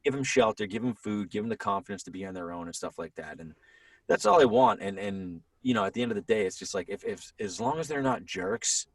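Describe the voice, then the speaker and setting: This thirty-something voiceover actor talks casually as a guest on a podcast, wandering through his points and frequently starting over. His voice is fairly low and gravelly, delivered in an animated, brisk way. The sound is dry, with the mic placed slightly distant.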